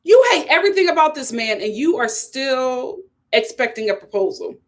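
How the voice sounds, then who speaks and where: A woman's voice: high voice, sing-song, normal speed. A young woman giving a casual, sassy recap of a reality TV episode, often talking straight to the people on screen. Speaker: reality TV reviewer.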